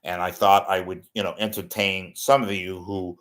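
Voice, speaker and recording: This older host of an online talk show has a low voice, a flat delivery, and a fairly bright tone, moving at a moderate pace. Alone and unscripted, he goes through messages from viewers, rambling bluntly and poking fun at himself.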